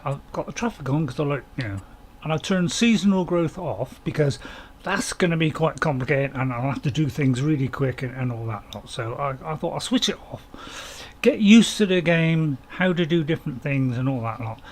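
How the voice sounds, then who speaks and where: A man's voice: fairly high pitch, slight background noise. A man hosting a casual game let's-play, chatting with viewers in a rambling, apologetic way with frequent chuckles. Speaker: gaming channel host.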